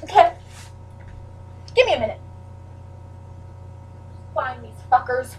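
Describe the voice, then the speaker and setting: A teenage girl chatting casually to camera in a rambling way, full of "like" and with sudden loud outbursts. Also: sits high, animated, unhurried, pauses often, breathy edge, distant mic, soft background music, low-quality recording. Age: teens. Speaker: vlogger.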